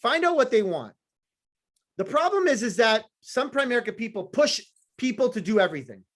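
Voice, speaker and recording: A man with a notably high-pitched voice delivers a live motivational talk to a sales team. He is blunt and profane, teases his listeners, and hammers his points home in short, repeated phrases. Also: very animated, a little fast, fairly bright tone. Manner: blunt, profane, fired-up, teasing the audience; repetitive punchy phrasing. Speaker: motivational speaker.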